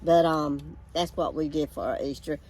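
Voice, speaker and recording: A woman's voice: low voice, flat delivery, moderate pace, a little mellow, slight background noise. An older woman, telling homey, rambling family stories in a casual outdoor chat. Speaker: co-host. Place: backyard, outdoors.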